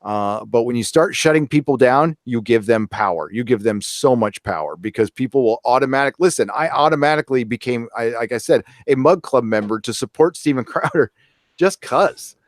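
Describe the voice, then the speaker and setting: A man's voice: medium pitch, a little fast, few pauses, no room sound, clean studio sound. A middle-aged man co-hosting a casual live stream, rambling and repeating his key words for emphasis. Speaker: co-host reading viewer super chats.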